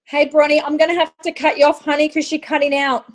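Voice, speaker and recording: A woman's voice: high-pitched, flat delivery, quick pace. A woman hosting an online event, talking chattily to her audience and tagging her points with "okay?" and endearments like "honey". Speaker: host of an online launch event. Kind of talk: casual presentation to an online group.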